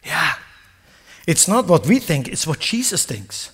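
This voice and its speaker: Pastor, male, high voice; dynamic sermon delivery, emphatic peaks and whispered asides, questions to the congregation. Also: sing-song, measured pace, slightly rough. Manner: swings from loud emphatic bursts to hushed whispers.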